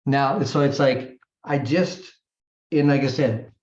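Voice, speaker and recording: Slow and a little mellow, this medium-pitched male voice coaches a team with a motivational talk. He repeats himself emphatically, throws in punchy sound words, and addresses everyone as gang and guys, all in a dull, echoey room recording.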